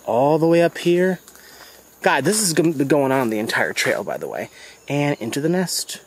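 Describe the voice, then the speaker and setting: A young man from the United States chatting excitably to his viewers while walking a rainforest trail at dusk, filmed on a handheld phone. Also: fairly high pitch, normal speed, slightly rough. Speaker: vlogger. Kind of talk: casual vlog walk-and-talk.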